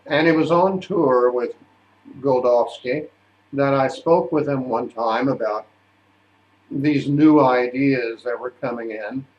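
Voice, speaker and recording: Slow, indignant older man telling stories. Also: mid-range voice, dull audio. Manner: indignant, deliberate anecdotal telling. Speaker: opera singer and voice teacher. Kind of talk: storytelling monologue. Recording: echoey room.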